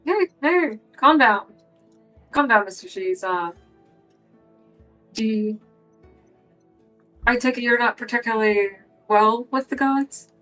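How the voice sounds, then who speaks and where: A woman's voice: a little high, fairly even intonation, unhurried, long pauses, a bit bright, soft background music, low-quality recording. A woman playing a tabletop game in a casual, blunt way, swearing and pressing with questions. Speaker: player. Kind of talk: casual tabletop role-play.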